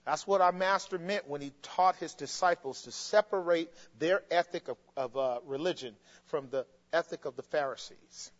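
A man preaching a sermon in an animated way, laughing and mimicking voices as he goes. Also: fairly high pitch, normal speed, hardly any pauses. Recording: muffled long reverb in a hall.

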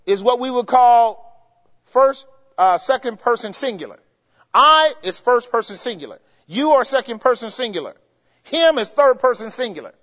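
A man's voice: extremely high pitch, fairly bright tone. A man preaching a teaching sermon, asking the congregation questions and walking them step by step through grammar. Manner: asks the congregation questions and has them answer; explains grammar step by step, with emphatic rises. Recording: dull, lo-fi recording with long hall reverb.

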